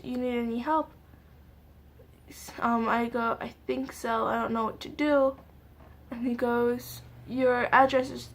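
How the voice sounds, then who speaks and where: A young woman vlogger tearfully retelling a sad personal story in a halting way, with many fillers and pauses. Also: fairly high pitch, slight background noise. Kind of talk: emotional storytime vlog.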